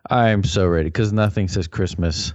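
Deep, deadpan podcast co-host man. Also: normal speed, no echo, lo-fi sound. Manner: sarcastic, deadpan quips. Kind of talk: casual chat.

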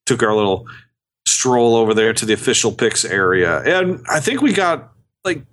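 A man's voice: medium pitch, very animated, normal speed, fairly bright tone. A man co-hosting a podcast over a video call, talking casually and hesitantly, often searching for words. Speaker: podcast co-host.

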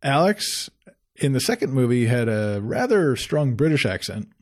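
A man's voice: medium pitch, very animated, normal speed. A man co-hosting a podcast, chatting in an easygoing, agreeable way. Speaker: podcast co-host. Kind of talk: casual chat.

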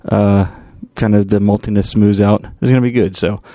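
A man's voice: fairly low pitch, steady tone, normal speed, dark tone, no echo, clean studio sound. A man hosting a podcast, giving a casual, rambling update and thinking aloud as he goes. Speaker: podcast host, home brewer.

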